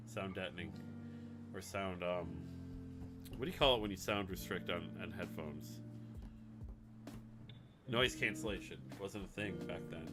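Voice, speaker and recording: A man chatting casually and rambling while he builds a website on a live stream, swearing now and then. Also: low voice. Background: music playing.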